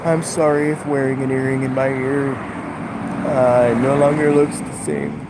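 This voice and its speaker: A man vlogging a halting, musing spiritual monologue, full of fillers. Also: mid-range voice. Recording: outdoor traffic noise.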